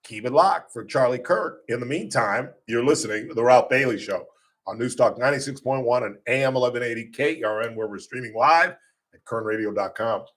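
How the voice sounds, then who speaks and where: A man hosting a radio talk show in a blunt, combative style. His voice sits at an ordinary pitch, and he tells stories with animated punch. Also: fairly quick. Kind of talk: opinionated talk radio monologue.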